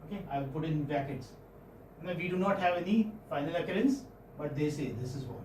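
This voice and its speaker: A man with an Indian English accent teaching phonetics in a classroom, questioning students and repeating sounds slowly. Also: a little high, darkish tone, slight background noise. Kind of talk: classroom lecture. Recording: echoey classroom, far-off mic, faint ambience.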